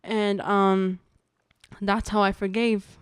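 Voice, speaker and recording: A young woman appears as a podcast guest, sharing a personal testimony in casual conversation. Earnest and halting, she restarts often, with a medium-pitched, level, smooth voice recorded at studio quality with no echo.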